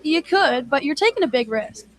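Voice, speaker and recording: A woman's voice: high-pitched, lively intonation, moderate pace. A woman acting in a scripted radio ad dialogue, confident and persuasive. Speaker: ad voice actor.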